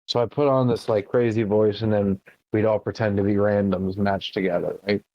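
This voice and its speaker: A man's voice: on the low side, steady tone, moderate pace, no echo, dull audio. A man co-hosting a casual comedy podcast, swearing freely and laughing often. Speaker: podcast co-host.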